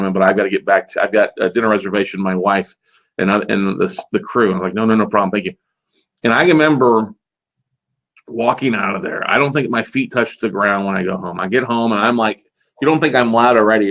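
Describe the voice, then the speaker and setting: Animated male podcast host, lo-fi sound. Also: on the low side. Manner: energetic, animated storyteller acting out quotes. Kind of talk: casual storytelling. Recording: slightly dull lo-fi audio.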